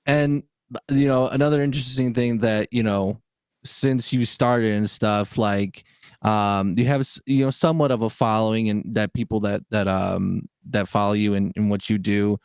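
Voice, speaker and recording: A man's voice: fairly low pitch, steady tone, normal speed, a little mellow, smooth, dry recording. A man co-hosting a casual interview podcast, rambling with lots of fillers and restarts. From Chicago area. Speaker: podcast co-host.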